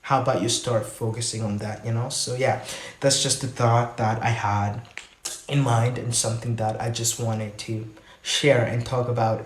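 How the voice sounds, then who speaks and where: A man talks frankly into the mic for his own podcast, rambling with plenty of "like" and "you know". His pitch sits in the middle and stays flat. The room around him is echoey. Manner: frank, rambling, filler-heavy. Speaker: podcast host. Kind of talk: casual solo talk.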